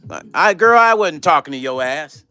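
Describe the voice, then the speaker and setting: Bright-voiced man telling stories on a live stream. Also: fairly high pitch, moderate pace, no echo, faint music behind. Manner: animated, swearing, acts out quoted voices, talks to chat. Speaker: vlog host reading live chat. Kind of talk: casual live-stream storytelling.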